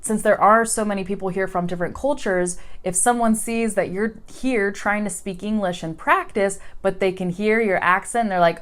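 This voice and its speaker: An American woman teaches English in a relaxed, talkative video lesson. She sounds animated, acting out little quoted voices along the way. She sits in the middle of the usual female pitch range. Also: normal speed. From United States. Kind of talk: casual video lesson to learners.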